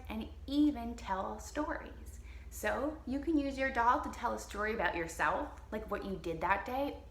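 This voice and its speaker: A woman librarian with a New Orleans accent reading to children in a slow, animated, encouraging way. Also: fairly high pitch. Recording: roomy echo.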